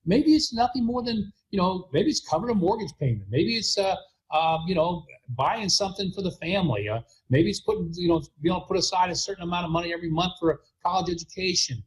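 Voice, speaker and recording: A man's voice: sits high, animated, fast talker, husky, poor audio. A middle-aged man hosting a motivational talk, telling a story and acting out both sides of the dialogue. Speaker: host.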